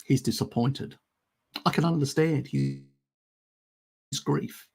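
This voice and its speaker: Gravelly, husky man on a live stream. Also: medium pitch, slow, mellow. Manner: sarcastic and mocking, often laughing. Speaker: live stream host answering viewer questions. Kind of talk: casual live-stream chat.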